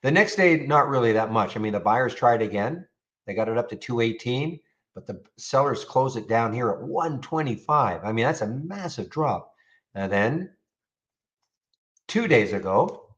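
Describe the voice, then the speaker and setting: The sound is lo-fi, carrying a mid-range male voice. He hosts a live trading room, talking casually through charts and answering viewer questions while frequently repeating himself in this live stream commentary.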